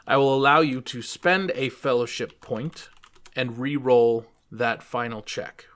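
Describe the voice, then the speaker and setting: A man narrating as game master, explaining rules calmly and in a measured way. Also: mid-range voice.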